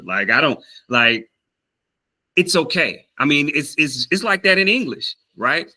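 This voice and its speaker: Bright-voiced Southern American man telling a story. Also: medium pitch, normal speed, low-quality recording. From Southern United States. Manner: animated, acts out quoted voices, many fillers and restarts. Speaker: language-learning vlogger. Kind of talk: casual story time.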